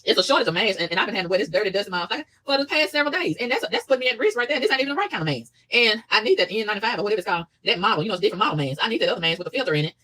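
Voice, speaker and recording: A woman rattles off a rapid, exasperated rant. Her pitch leaps and dips with lively swings, and she barely pauses between complaints. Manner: fast, exasperated ranting with animated pitch swings. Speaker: vlogger. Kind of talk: ranting monologue.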